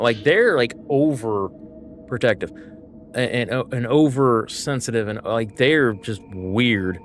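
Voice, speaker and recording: An easygoing American gaming streamer rambles mid-stream while playing, his talk heavy with fillers. His voice is medium-pitched and slow, with a little hiss or hum in the audio.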